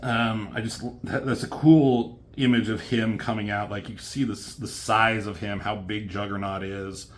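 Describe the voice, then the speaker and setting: A man's voice: on the low side, steady tone, moderate pace, hardly any pauses. A man casually reviewing a comic book, rambling loosely with fillers and the odd curse word.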